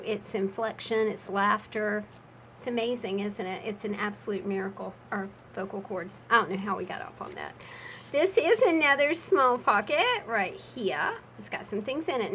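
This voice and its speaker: A woman's voice: mid-range voice, slight background noise, poor audio. Chatty woman showing her crafts. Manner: chatty, rambling asides with fillers. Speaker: junk journal crafter. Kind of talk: casual crafting vlog.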